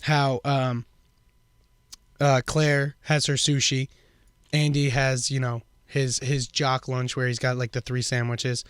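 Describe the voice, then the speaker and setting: A man's voice: medium pitch, level tone, slow, smooth, no room sound, clean studio sound. A young man co-hosting a podcast, talking casually and slangily about a film. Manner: casual, slangy, hesitant restarts. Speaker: podcast co-host.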